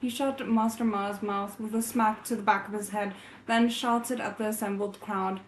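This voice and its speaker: A woman's voice: mid-range voice, fairly even intonation, moderate pace, a little hiss or hum, low-quality recording. A woman hosting a casual novel readalong, reading aloud and breaking off with laughing asides and self-corrections.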